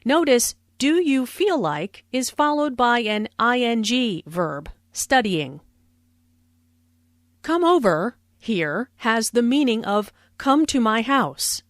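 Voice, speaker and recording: Slow, clear woman teaching English. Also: a little high, no room sound, studio quality. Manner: clear, deliberate explanations. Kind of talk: scripted language-lesson narration.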